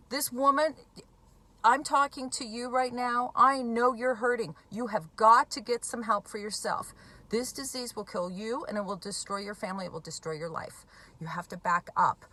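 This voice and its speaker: Blunt, bright-voiced woman talking to camera. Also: on the high side, normal speed. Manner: blunt, emphatic, swears freely. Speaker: recovering alcoholic speaking on addiction. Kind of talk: direct-to-camera talk.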